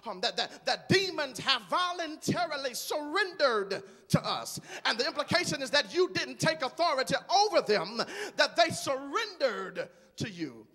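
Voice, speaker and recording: High-voiced man preaching with rising fervor. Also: very animated, moderate pace, in a large hall. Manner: rhythmic preaching that builds from quiet talk to shouting. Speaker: guest preacher. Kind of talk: sermon. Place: large church sanctuary.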